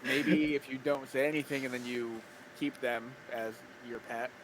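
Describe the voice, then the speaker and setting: A man co-hosting a comedy podcast, dropping dry, deadpan quips in casual banter. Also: mid-range voice, moderate pace, crowd noise, rough recording. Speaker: podcast co-host.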